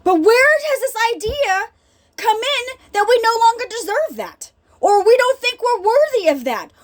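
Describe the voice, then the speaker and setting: A woman's voice: extremely high pitch, sing-song, normal speed. A middle-aged woman giving an earnest, emphatic personal faith talk, speaking straight to her listeners. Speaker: healing ministry speaker.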